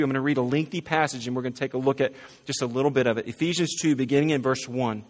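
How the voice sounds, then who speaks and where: A male pastor delivers a sermon in a loose, conversational manner, checking in with his listeners and circling back over his phrases. His voice sits a little higher than most men's. The sound carries a long reverb from the church hall. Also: fairly bright tone. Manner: conversational, asks "right?" often, repeats phrases. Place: church sanctuary.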